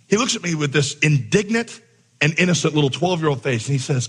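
Animated preacher man in a reverberant hall. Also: quick pace, breathy edge. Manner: animated storyteller, acts out voices with big pitch jumps. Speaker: pastor. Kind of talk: sermon with a coaching story.

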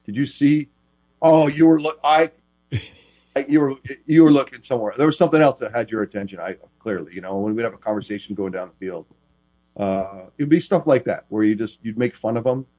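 A former quarterback chats as a guest, his speech tumbling forward in animated, rambling stories that keep restarting mid-thought. The man's middle-pitched voice comes through slightly dull and lo-fi. The room around him sounds dry and close. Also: a little fast, no echo. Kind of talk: casual interview chat.

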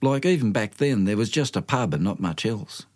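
A man's voice: on the low side, lively intonation, moderate pace, darkish tone. An older man with an Australian accent telling a folksy bush yarn, with slang and dramatic asides. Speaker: storyteller.

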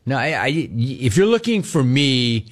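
Male radio talk host, middle-aged, lively swooping pitch, animated rants. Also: unhurried. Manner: animated, ranting, mimics voices. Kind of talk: call-in radio show.

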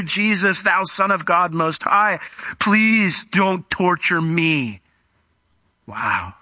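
A man preaching a sermon in an animated way, slowing down and speeding up as he tells a Bible story. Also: high voice, no room sound. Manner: animated, acts out quoted voices, varies pace.

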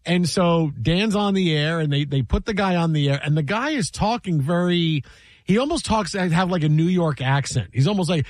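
A man hosting a casual sports talk radio show, telling an animated story and acting out quotes. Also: fairly high pitch, a little fast, no echo.

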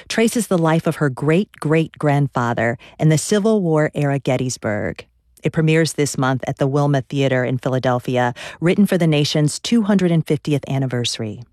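Measured radio interview host, dry sound. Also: medium pitch, darkish tone, dry recording. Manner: measured, clear read of prepared intros. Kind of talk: scripted radio introduction and interview questions.

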